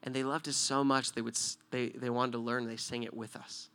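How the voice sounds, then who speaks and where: A man preaching a sermon with a bright, ringing voice. He swings between loud, emphatic points and hushed storytelling. He keeps checking in with the room, tossing out a quick "right?". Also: mid-range voice, little pitch movement. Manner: talks to the listeners directly with frequent "right?".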